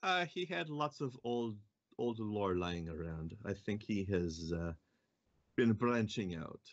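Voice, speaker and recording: A man's voice: lowish voice, lively intonation, lo-fi sound. Man doing a stiff Russian-accented adventurer. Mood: polite. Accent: put-on Russian. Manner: halting, formal speech.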